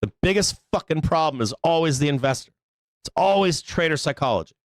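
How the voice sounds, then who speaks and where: A man's voice: a little high, animated, brisk, no echo. Blunt, profane male trading show host. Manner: profane, blunt and emphatic, rambling. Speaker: stock market show host. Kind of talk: casual live trading commentary.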